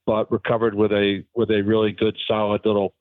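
A former pro golfer, a man, talking haltingly but frankly as a phone-in guest on a radio interview. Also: on the low side, completely flat delivery, dry recording. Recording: tinny phone line.

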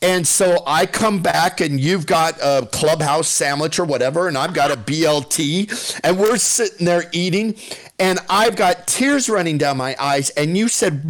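Animated laughing male radio storyteller. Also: a little high, normal speed. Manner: animated storyteller, laughs often, acts out quotes. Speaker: radio show regular. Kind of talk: casual storytelling on a radio show.

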